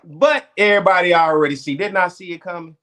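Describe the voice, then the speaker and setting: A man co-hosting a casual sports talk show, running through game stats in an animated way. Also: high voice, quick pace. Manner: animated, reads game stats in a steady run.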